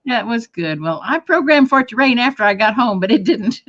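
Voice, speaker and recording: A woman co-hosting a live online show, chatting in a relaxed way. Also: a little high, brisk. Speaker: co-host. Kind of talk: casual live show chat. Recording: dull lo-fi web stream audio.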